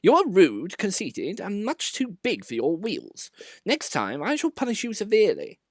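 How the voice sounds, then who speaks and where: A man heavily acts out a stern male railway controller who scolds severely, pitching his voice high above his natural range with wildly swooping intonation. He speaks at a moderate pace, and the studio recording is clean with no room sound.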